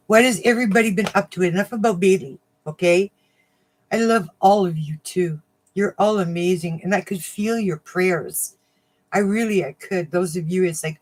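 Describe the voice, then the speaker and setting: A woman hosting a casual crafting livestream, chatting warmly with viewers, getting emotional and laughing often. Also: fairly low pitch. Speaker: livestream host of a crafting channel.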